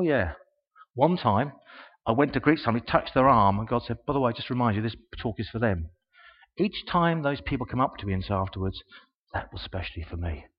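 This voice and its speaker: An older man preaches a sermon, telling stories and acting out the people he quotes. His voice sits at an ordinary middle pitch. The sound is a little dull and rings with the long reverb of a church hall. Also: husky.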